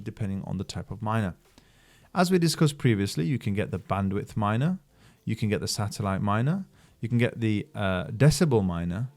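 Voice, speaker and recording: A man's voice: on the low side, a little mellow. Upbeat man hyping crypto picks. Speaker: channel host reviewing mining projects. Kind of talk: screen-share explainer voice-over.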